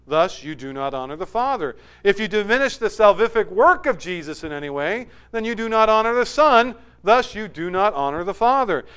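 A man preaching an emphatic sermon, swinging between forceful declarations and hushed asides. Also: high-pitched, smooth. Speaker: pastor.

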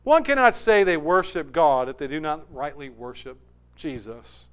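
A man preaching an emphatic sermon, swinging between forceful declarations and hushed asides. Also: on the high side, big pitch swings, moderate pace. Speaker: pastor.

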